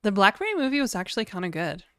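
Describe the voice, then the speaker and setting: Rambling woman streamer reading chat; smooth voice, dry close mic. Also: medium pitch, sing-song, rapid-fire, fairly bright tone, no room sound. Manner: rambling, chatty, reads chat aloud. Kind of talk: casual live-stream chat.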